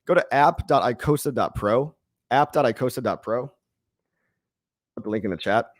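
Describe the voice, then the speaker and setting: A man's voice: medium pitch, moderate pace, no room sound, clean studio sound. A man hosting a casual crypto live stream, reading chat comments and rambling with jokes and the odd swear word.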